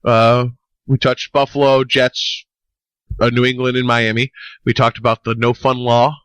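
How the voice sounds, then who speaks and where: A man's voice: medium pitch, flat delivery, a little slow, fairly bright tone, clean tone, dry recording. A young man co-hosting a podcast in casual chat, rambling, swearing and joking. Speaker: podcast co-host.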